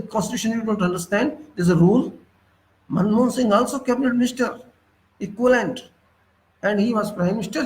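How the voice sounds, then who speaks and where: A man with an Indian English accent speaks in a fairly high voice. He delivers a heated monologue, piling up indignant rhetorical questions and repeating his points for emphasis. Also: low-quality recording. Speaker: political commentator. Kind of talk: impassioned monologue.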